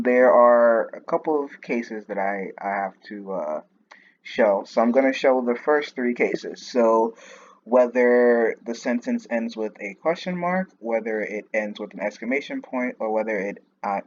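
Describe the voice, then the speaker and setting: Speaking at medium pitch and a little slowly, this man narrates a screen-recorded walkthrough of his coding project for class. He stumbles along with plenty of fillers and restarts, over muffled lo-fi sound carrying constant noise and clicks.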